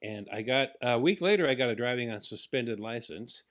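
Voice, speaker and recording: Man, mid pitch, casual animated storyteller. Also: a little fast. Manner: animated, acts out the people in his stories.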